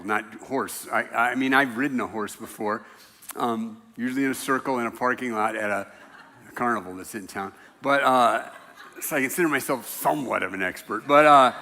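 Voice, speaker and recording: Animated man preaching in a reverberant hall. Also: mid-range voice. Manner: conversational and animated, with self-deprecating humor. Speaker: pastor. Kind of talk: sermon. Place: church sanctuary.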